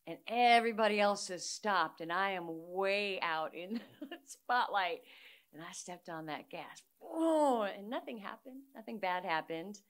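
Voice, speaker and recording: A middle-aged woman chatting casually as a guest, an animated storyteller who laughs often. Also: mid-range voice, moderate pace. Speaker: guest musician. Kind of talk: casual chat.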